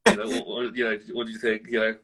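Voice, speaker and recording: A man's voice: fairly low pitch, big pitch swings, fast, vocal fry, a bit bright, slightly rough, rough recording. A man hosting a casual interview, asking long, rambling questions. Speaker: interviewer, host.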